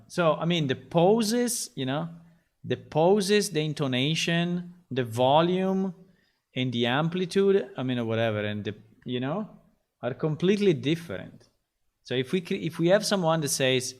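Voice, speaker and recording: A man who is a game developer, chatting casually on a livestream while he codes, halting and repeating himself with many fillers. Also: fairly high pitch, lively intonation.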